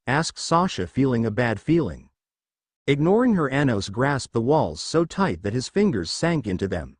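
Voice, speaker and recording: A man reading fan fiction aloud in a plain, steady way. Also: mid-range voice, normal speed, no echo, clean studio sound. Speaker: story reader.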